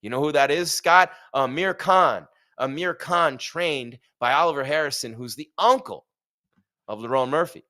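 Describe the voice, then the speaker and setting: A man's voice: fairly high pitch, moderate pace, pushed and bright. A man hosting a live fight stream, chatting casually with jokes and rhetorical questions. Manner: reads sponsor ad.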